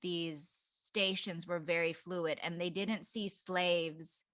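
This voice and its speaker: A woman co-hosting a casual book club podcast, her voice bright and somewhat low for a woman. She reads passages aloud with hesitant fillers. The recording is dry and close. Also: steady tone, takes it slowly, no room sound. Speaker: podcast co-host.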